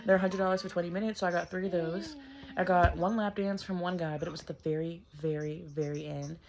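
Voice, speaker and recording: A woman's voice: on the low side, steady tone, fast, darkish tone, a little hiss or hum. A woman, chatting casually to camera in a vlog, blunt and swearing freely. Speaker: vlogger.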